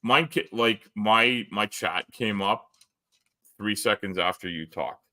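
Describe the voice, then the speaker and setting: A man's voice: on the low side, takes it slowly, bright, forceful tone. A Canadian man with a Canadian accent hosting a casual live-stream chat, rambling and joking with lots of fillers. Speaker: host.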